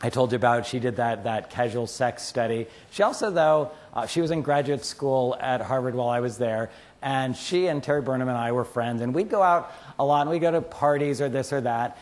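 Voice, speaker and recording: A university lecturer, a man, teaching biology with lively stories and quick asides to the class. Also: medium pitch. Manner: animated storyteller, quotes friends in asides. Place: lecture hall.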